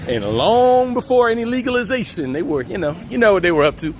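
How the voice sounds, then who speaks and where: A man hosting a casual walk-and-talk live stream outdoors, relaxed and chatty, reading the chat aloud and laughing often. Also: high-pitched, brisk, background noise. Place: outdoors on city streets, walking.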